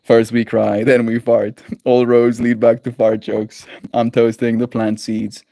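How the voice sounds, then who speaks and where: Mid-range, gravelly, and mellow, his delivery is completely flat and measured, with no room sound. The Canadian host rambles fondly with his daily livestream viewers, giggling and slipping in goofy made-up words.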